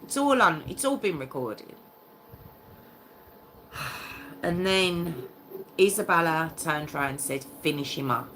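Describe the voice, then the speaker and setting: A woman's voice: on the low side, animated, takes it slowly, pauses often, fairly bright tone, slight background noise, low-quality recording. A woman hosting a true crime story in a casual, emotional and indignant way, repeating phrases as she goes.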